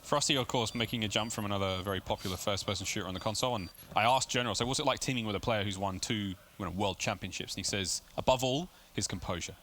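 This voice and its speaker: A man calling play-by-play for a competitive video game match, rapid and rising to shouts on big plays, with game noise behind him. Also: fairly low pitch. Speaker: esports caster. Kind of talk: play-by-play commentary.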